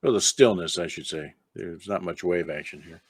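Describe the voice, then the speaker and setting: A man's voice: sits low, moderate pace, slightly rough, no echo. A man as game master, narrating a tabletop game in an easygoing, chatty way. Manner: easygoing, chatty, breaks off to talk to a pet.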